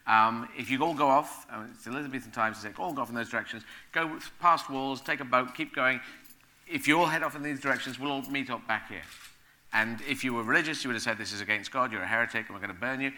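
A man speaking as a guest onstage at a live event, rambling and animated, often laughing as he talks. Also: mid-range voice, a little fast.

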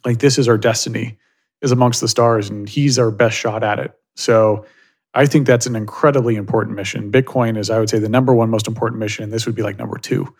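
A man's voice: on the low side, fairly even intonation, fast talker, slightly rough. A man speaking as a guest in a casual interview, thoughtful and rambling with lots of fillers. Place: Silicon Valley.

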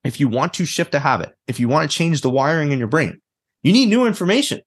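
A man's voice: fairly high pitch, very animated, fast, slightly rough. A man talking bluntly and animatedly as a guest in a casual interview, swearing freely. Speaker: guest, therapist and mindset coach.

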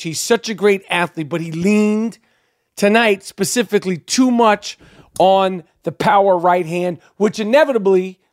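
A man's voice: sits high, no room sound, clean studio sound. Worked-up, swearing male podcast host. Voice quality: profane, rambling, worked up. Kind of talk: casual ranting monologue.

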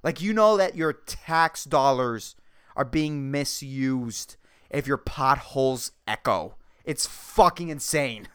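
Guy ranting on his own podcast, swears a lot, laughs at his own jokes, kinda high smooth voice. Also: a bit bright. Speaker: podcast host. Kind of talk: solo podcast rant.

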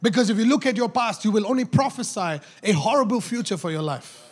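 A man preaching a sermon as pastor, moving from quiet coaxing to loud, shouted exhortation. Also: high voice, lively intonation, fast.

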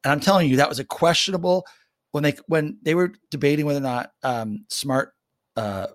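A man hosts a casual sports talk show, firing off points in quick, emphatic bursts. His voice sits a little high and runs fast. The sound is close and dry, with no room around it. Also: dry recording. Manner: animated, emphatic, quick rants. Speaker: podcast host.

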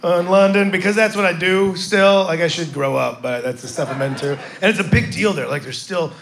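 An American man doing a stand-up comedy set on stage, telling stories in an animated way and jumping to loud bits. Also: high-pitched, a little fast, gravelly. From United States. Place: comedy stage with live audience. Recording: live stage mic with audience noise.

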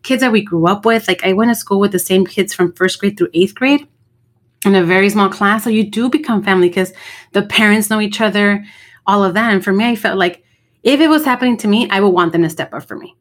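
A middle-aged woman co-hosting a podcast, telling stories in a blunt, profane, animated way. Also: mid-range voice, a little fast. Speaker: podcast co-host. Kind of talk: casual chat.

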